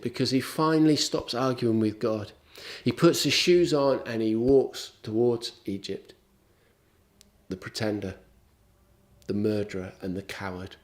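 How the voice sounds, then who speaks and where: A man's voice: fairly low pitch, darkish tone. A man preaching a sermon in a conversational, wry and emphatic way.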